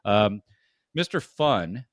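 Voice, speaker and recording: A middle-aged man hosts a casual podcast chat, stopping and restarting as he rambles. His voice sits low. It is recorded dry and close. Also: sing-song, takes it slowly, no room sound. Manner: rambling, many fillers and restarts. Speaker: podcast host.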